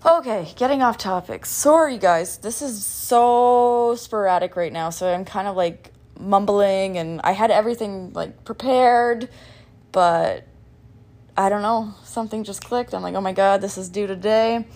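A woman's voice: mid-range voice, unhurried, darkish tone. A young woman hosting a casual podcast, rambling in a scattered, chatty way with lots of "like" and "um". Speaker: podcast host.

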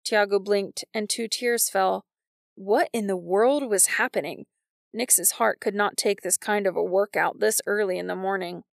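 A woman narrating a novel in a wry, even storytelling manner. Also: mid-range voice, creaky, no room sound, studio quality. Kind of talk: scripted audiobook narration.

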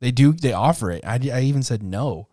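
A man's voice: mid-range voice, expressive, a little fast, dark tone, no echo, studio quality. A man co-hosting a casual podcast, talking in a laid-back, self-deprecating way and laughing often. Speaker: podcast co-host.

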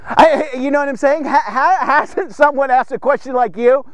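High-voiced man teaching from the Bible. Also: normal speed, no echo. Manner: keeps checking in with "okay?" and "here's the thing"; animated, acts out the people in the story. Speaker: devotional podcast teacher.

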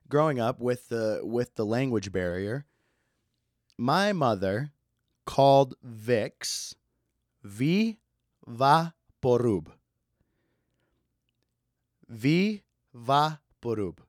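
A man's voice: mid-range voice, dry recording, studio quality. A man in his twenties hosting a casual solo podcast, laid-back, swearing freely and laughing at his own stories. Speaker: podcast host.

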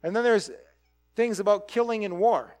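A man preaching a conversational sermon, animated and full of rhetorical questions. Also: high-pitched, soft background music. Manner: animated, asks rhetorical questions, acts out quick quoted voices.

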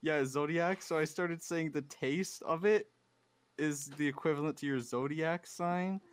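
A man's voice: on the high side, unhurried, clean tone, no echo. A young man co-hosting a podcast, telling a rambling story in casual chat with restarts and giggles. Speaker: podcast co-host.

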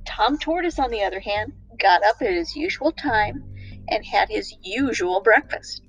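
A woman reading a children's storybook aloud, playful and expressive. She speaks slowly, her voice rising and falling widely on a fairly high pitch. Soft music plays faintly behind her. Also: low-quality recording.

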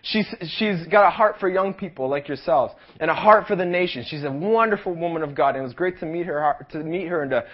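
Young male pastor, high voice, energetic rally sermon, muffled lo-fi recording. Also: a little fast, few pauses. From Canada. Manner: energetic preaching, asks the crowd for amens, rises to shouts. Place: youth rally hall.

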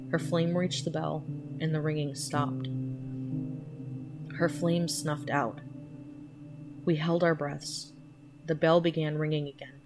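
Woman with a low voice reading a horror story slow and hushed, guitar music under it. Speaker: podcast storyteller. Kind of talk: scripted horror narration.

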